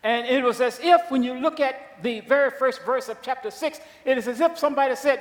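Speaking fairly quickly and with hardly any pauses, a high-voiced male preacher gives an emphatic sermon. He moves back and forth between loud declarations and quiet asides, his voice fading into the church hall's long reverb.

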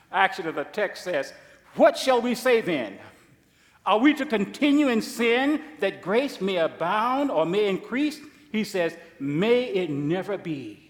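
A male preacher with a high voice delivers an emphatic sermon. He swings between loud declarations and quiet asides. His voice trails off in the long reverb of a church hall. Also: big pitch swings, measured pace.

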